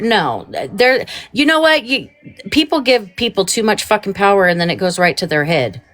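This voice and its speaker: A woman's voice: medium pitch, lively intonation, moderate pace, fairly bright tone. A woman hosting a livestream, in a heated, profane and rambling rant. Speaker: livestream host.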